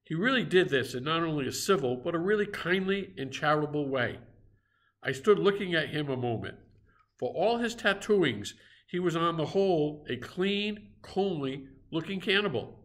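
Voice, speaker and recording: A man's voice: on the high side, lively intonation, normal speed, fairly bright tone. Man reading a classic novel aloud. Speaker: reader.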